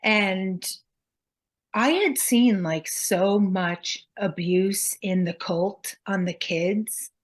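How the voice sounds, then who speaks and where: A woman's voice: medium pitch, very slow. A middle-aged woman co-hosting a podcast, talking candidly and reflectively about her own parenting mistakes. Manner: candid, confessional, acts out quotes in a sharper voice. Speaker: podcast co-host. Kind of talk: reflective casual chat.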